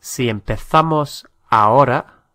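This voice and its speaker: A man teaching a language lesson, saying each phrase slowly and repeating it, sometimes spelling words out letter by letter. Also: mid-range voice, pushed and bright, no room sound, clean studio sound.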